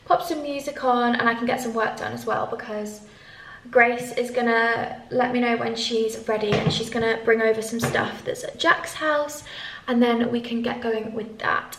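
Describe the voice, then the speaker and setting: A young woman in her twenties chatting casually to camera in a vlog, excitable and full of fillers. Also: a little high. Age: 20s. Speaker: vlogger. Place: indoors, mostly empty new flat. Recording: echoey room, faint background noise.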